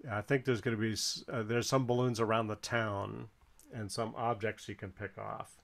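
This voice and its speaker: A man's voice: fairly low pitch, little pitch movement, normal speed, vocal fry, fairly bright tone. A man giving casual, encouraging play-by-play while someone else flies in a video game, counting the balloon score aloud. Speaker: co-commentator watching a flight game.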